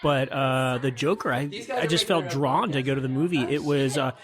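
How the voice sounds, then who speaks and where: A man co-hosting a comedy podcast in a studio. He speaks earnestly, with dry humor and small hesitations. His voice has an ordinary middle pitch. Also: crowd noise. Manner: earnest, dry, slightly halting. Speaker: podcast co-host. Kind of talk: casual comedic podcast banter. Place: recording studio.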